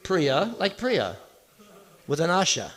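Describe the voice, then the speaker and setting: A man's voice: on the high side, sing-song, takes it slowly, fairly bright tone. A man giving an informal devotional talk in a temple hall, chatting with and questioning his listeners directly. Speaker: visiting temple speaker.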